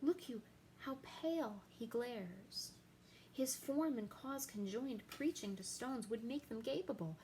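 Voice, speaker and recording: Lady reading as a shaken young prince, urgent, pushes up high when he's worked up. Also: lively intonation, slow pace, a little mellow, a little hiss or hum, poor audio. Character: young male prince, agitated and haunted. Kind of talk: dramatic reading of verse.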